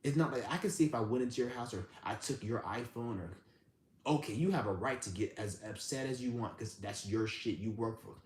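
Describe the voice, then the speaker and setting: A man hosting a live stream who rants and tells stories in a blunt, profane, animated way. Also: medium pitch, fairly quick. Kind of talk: ranting storytelling. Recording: roomy with faint background hum.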